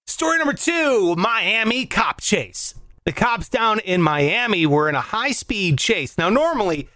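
A comedy show host delivering a jokey monologue, animated and quick to switch into silly voices. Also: mid-range voice, dry recording. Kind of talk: comic monologue.

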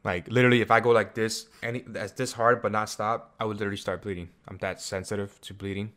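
A man's voice: lowish voice, flat delivery, fast talker, a bit bright. A young man co-hosting a podcast in casual chat, hesitant and stumbling over his words with plenty of fillers. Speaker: podcast co-host.

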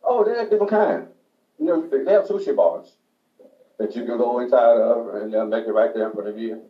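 A man's voice: mid-range voice, fairly quick, far from the mic. A man co-hosting a casual radio chat, easygoing and matter-of-fact. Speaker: radio co-host. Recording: dull, roomy, off-mic.

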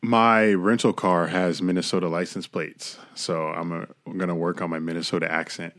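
A man's voice: low-pitched, little pitch movement, normal speed, a bit bright, no echo, studio quality. A man co-hosting a podcast from home, chatting casually in a joking, profane, laid-back way. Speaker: podcast co-host. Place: home room lit by a ring light.

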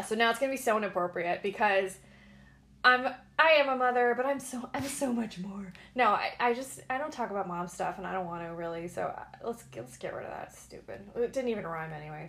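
A woman's voice: mid-range voice, brisk, vocal fry, fairly bright tone. A woman in her late thirties hosting a casual solo podcast from home, blunt, sarcastic and defiant. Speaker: podcast host.

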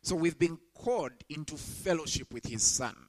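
A young adult man preaching a sermon to students, rising sharply in pitch when he quotes scripture. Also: expressive, moderate pace, rough recording. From Zambia. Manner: emphatic, rises sharply when quoting scripture.

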